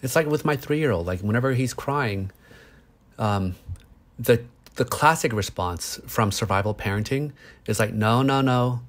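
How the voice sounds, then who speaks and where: A man's voice: on the low side, lively intonation, moderate pace. A man in his thirties, a psychologist, explaining earnestly in a conversation with everyday examples. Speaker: psychologist guest.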